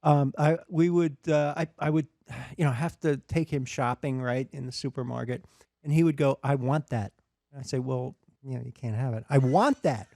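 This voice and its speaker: A man's voice: medium pitch, moderate pace, gravelly, dry recording, clean studio sound. A middle-aged man, a father, telling family stories in a casual chat and acting out the voices. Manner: animated storyteller, acts out voices.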